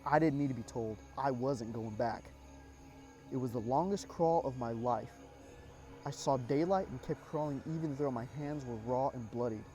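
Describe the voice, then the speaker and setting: A man tells a spooky war story in the first person, measured and suspenseful. His voice is dark and mellow at a middle pitch, and soft music plays underneath. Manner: measured, suspenseful, with casual asides. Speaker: horror story narrator.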